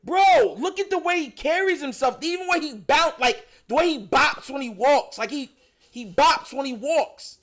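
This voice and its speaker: High-pitched new york guy hyped up on his live stream, loud and slangy, yelling a lot. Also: expressive, normal speed, hardly any pauses. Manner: loud, shouting often, laughing, slangy. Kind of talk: excited live-stream commentary.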